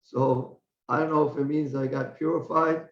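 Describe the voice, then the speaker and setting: An older man with a high-pitched voice teaches a scripture class in a loose, conversational way. He often doubles back on his words. The recording is roomy and a little dull. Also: fairly even intonation, normal speed. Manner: conversational, repeats words while thinking. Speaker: class speaker. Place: temple hall.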